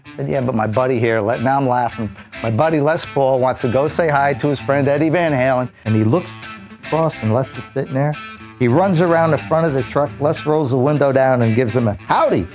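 A man, a police officer, telling an animated story and acting out the voices of the people in it. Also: medium pitch, brisk, soft background music.

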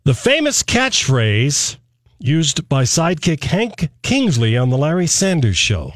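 A man's voice: on the high side, unhurried, no room sound, clean studio sound. A man co-hosting a casual podcast, running a playful trivia quiz with his co-hosts. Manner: playful, animated quizmaster. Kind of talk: casual chat.

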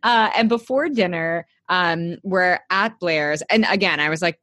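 A woman's voice: fairly low pitch, unhurried, a bit bright, no room sound. A woman co-hosting a casual podcast, recapping a TV episode in a gushing, swearing way and acting out the characters' lines. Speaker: podcast co-host.

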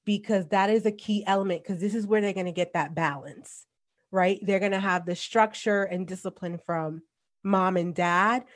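A woman in her forties, a guest on a casual podcast, talking bluntly and telling animated stories about raising kids, with a New York accent. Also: on the low side. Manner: blunt, animated storytelling with laughs.

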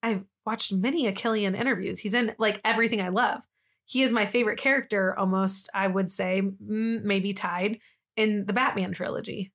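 Her mid-range voice is a bit bright, fairly even in intonation and moderately paced. As a young co-host of a casual true-crime podcast, she chats through the story, acting out quotes with lots of "like".

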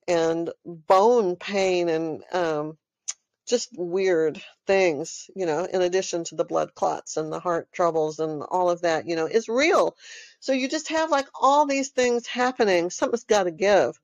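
A woman's voice: fairly low pitch, dry recording. Texan woman talking, dry close sound. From Texas. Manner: rambling, emphatic, with frequent fillers. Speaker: podcast host. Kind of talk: casual solo talk.

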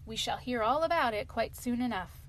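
A woman voicing a cheerful, good-natured male water rat in a storybook reading, with a brisk, lively manner. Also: a little high, slight background noise, close to an everyday voice.

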